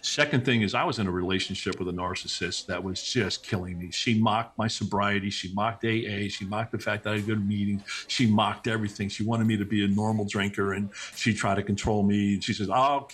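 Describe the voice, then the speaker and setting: A middle-aged man, a podcast guest, telling personal stories in a casual, animated way, with many restarts and quick asides. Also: on the low side, husky. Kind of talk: casual conversational storytelling.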